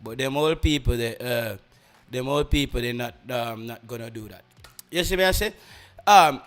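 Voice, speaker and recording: With faint music playing behind him, the young podcast host speaks in a mid-range voice at a moderate pace. His country Jamaican accent colors the casual, rambling chat, which mixes patois with English and is full of restarts.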